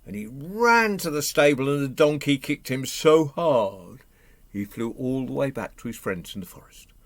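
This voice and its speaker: Man, family storyteller, animated, audience questions, mid pitch, dry close sound. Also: normal speed, dry recording. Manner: animated, asks the audience, makes animal noises. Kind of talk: oral folk-tale telling for families. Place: home, online session.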